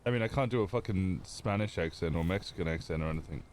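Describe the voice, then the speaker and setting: A man's voice: low voice, fast, a little mellow, slight background noise. A man livestreaming a roleplay game, chatting casually with his viewers in a rambling, self-interrupting way. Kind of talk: casual chat with stream viewers.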